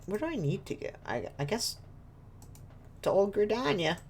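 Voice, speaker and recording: A woman's voice: medium pitch, big pitch swings, moderate pace, a little mellow, slight background noise. A woman streaming a video game from home, chatting and joking with viewers and her dog, laughing often. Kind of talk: casual gaming stream chat. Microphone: desk mic with webcam.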